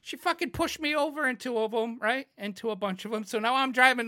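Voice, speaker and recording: A man in his thirties, from New England, tells road-rage stories in a loose, profane chat. His pitch leaps around as he acts out what he yelled, and the tone is bright and forward. The sound is dry and close. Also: a little fast, no echo. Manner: animated, profane, shouts quoted lines. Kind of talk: casual chat, storytelling.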